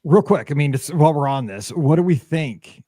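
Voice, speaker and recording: Chatty man with a bright, dry voice. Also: fairly high pitch, normal speed, dry recording. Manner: rambling storyteller with many fillers, animated. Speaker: podcast host. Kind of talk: casual podcast chat.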